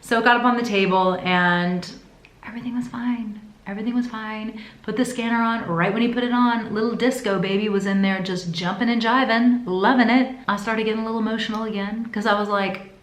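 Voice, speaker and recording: A woman talking to camera in a casual vlog, telling her story in a chatty, expressive way. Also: on the high side, a little fast. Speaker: vlogger. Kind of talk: casual pregnancy update vlog. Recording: echoey room.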